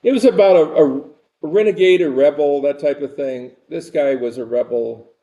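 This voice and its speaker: Older male lecturer, gravelly and mellow. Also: on the high side, normal speed. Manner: rambling, conversational, repeats phrases. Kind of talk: university lecture.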